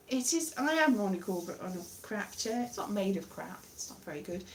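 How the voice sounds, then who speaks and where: A woman's voice: medium pitch, expressive, normal speed, hardly any pauses, slight background noise. Lady rambling on camera, bouncy sing-song voice, keeps wandering off topic and laughing at herself. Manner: chatty, self-mocking, drifts off topic. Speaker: comedian vlogger. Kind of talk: rambling comic monologue. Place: very small room at home.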